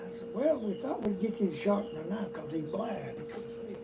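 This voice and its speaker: An older man with a drawl spins rambling, profanity-laced yarns, his voice sitting fairly high for a man. He sounds set back from the mic, with plenty of room noise around him. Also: animated, a little fast, vocal fry. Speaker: storyteller guest. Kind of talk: casual storytelling. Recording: distant mic, noisy room.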